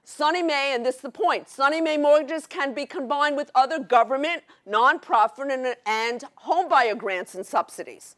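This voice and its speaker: A middle-aged woman with a Brooklyn accent, giving an excited, fast-paced educational presentation to a workshop audience. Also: high voice. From New York City. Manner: fast, excited, New York directness.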